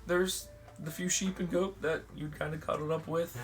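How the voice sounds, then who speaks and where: A man's voice: fairly high pitch, little pitch movement, normal speed, soft background music. A man running a tabletop game as game master, casual and laughing with his players.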